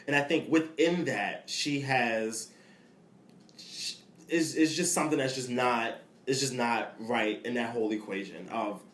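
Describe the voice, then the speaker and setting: A man's voice: mid-range voice, a little slow, fairly bright tone, reverberant, slight background noise. A man co-hosting a podcast, chatty and blunt in casual talk. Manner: chatty, blunt, many fillers. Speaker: podcast co-host. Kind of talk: casual chat.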